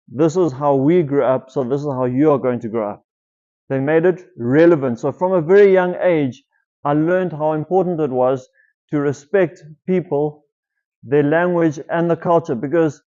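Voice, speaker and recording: A man's voice: a little high, mellow. South African man talking to students. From Eastern Cape, South Africa. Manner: asks the audience questions. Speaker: teacher giving a talk. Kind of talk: school presentation to students. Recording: muffled lo-fi.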